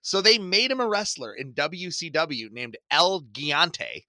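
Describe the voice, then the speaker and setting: Speaking at a measured pace in a voice on the high side, a podcast co-host tells stories with animation and laughs often during casual talk. There's no room sound.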